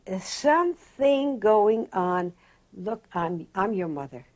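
An older woman voicing her worried mother, gently coaxing her daughter to tell her the truth. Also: medium pitch, animated, slow pace.

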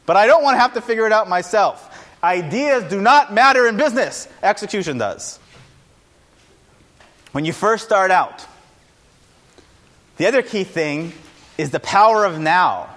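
A man giving an informal, energetic talk to a live audience as an entrepreneur, with punchy lines and self-deprecating asides. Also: high-pitched, normal speed, pauses often.

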